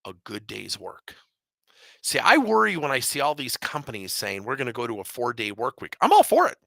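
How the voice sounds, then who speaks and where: Animated man coaching with gravelly bursts. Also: normal speed, no echo. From Wisconsin, US. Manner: animated, jumps high in pitch for emphasis, acts out quotes. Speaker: business coach and speaker. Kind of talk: energetic keynote storytelling.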